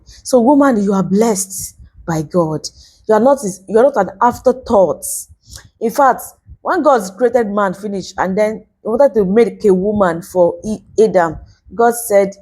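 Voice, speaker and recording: A woman's voice: medium pitch, mellow, husky. A young Nigerian woman from Nigeria, earnestly preaching to camera in a casual way and repeating points for emphasis. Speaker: vlogger.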